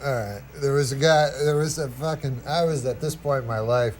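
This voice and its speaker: A man telling a long, rambling anecdote as a comedy guest, full of halting restarts and dry asides. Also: medium pitch, slight background noise. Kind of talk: casual anecdote on a talk show.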